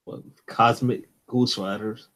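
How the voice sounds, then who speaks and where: A man co-hosting a casual comics livestream, excited and enthusiastic as he chats. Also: on the low side, slow. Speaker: co-host.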